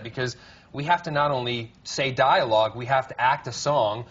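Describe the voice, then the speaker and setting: Bright-voiced man with Scottish-American accent. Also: medium pitch, fairly even intonation, breathy edge. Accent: Scottish mixed with American. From Scotland. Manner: flirty, joking, quick to laugh. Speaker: guest. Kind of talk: casual chat show interview. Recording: dull lo-fi TV audio with faint noise.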